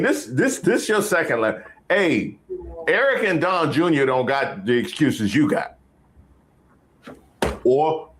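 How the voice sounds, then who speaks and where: Man, stream host, casual commentary, joking, higher voice, very expressive pitch. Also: noisy background. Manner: animated, joking, talks straight to the subject of the clip. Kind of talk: casual commentary on news clips.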